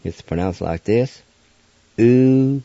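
Male radio host and teacher, low mellow voice, slow and careful, dry and slightly dull sound. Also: no echo. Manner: slow, deliberate, spells out letters. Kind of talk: language lesson.

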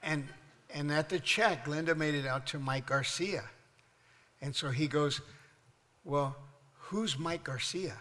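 An older man preaching a sermon as pastor, joking through a story and then building into loud, fervent preaching. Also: a little high, measured pace, pauses often. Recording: long hall reverb.

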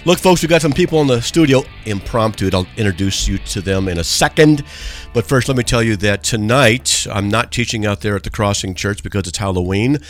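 A man's voice: on the low side, fairly quick, soft background music. A man hosting a call-in radio show from a studio, talking in a casual, joking and rambling way.

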